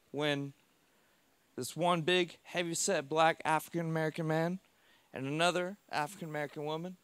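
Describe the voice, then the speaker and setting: A man's voice: on the high side, a bit bright, clean tone, dry recording. Heartfelt man telling a personal story. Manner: heartfelt, in short halting phrases. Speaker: speaker. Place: stage before a live audience.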